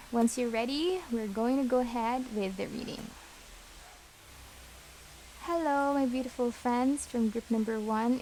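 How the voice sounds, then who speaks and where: A woman reads tarot cards for her viewers in a gentle, reassuring way, often pausing on fillers. Her voice sits a little high and has a gravelly edge. A faint hiss runs under the recording. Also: low-quality recording. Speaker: tarot reader. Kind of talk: pick-a-card tarot reading.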